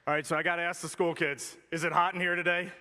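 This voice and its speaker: A man's voice: a little high, flat delivery, fast, sharp tone, a little hiss or hum. A man, a mission commander who is losing his voice, speaking casually and enthusiastically to a crowd in a large hall. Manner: casual, enthusiastic, loose speech. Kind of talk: public speech.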